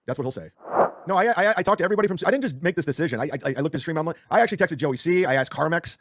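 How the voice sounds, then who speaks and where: Fast-talking stammering man. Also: a little high, lively intonation, noisy background. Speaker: streamer. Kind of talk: heated podcast argument.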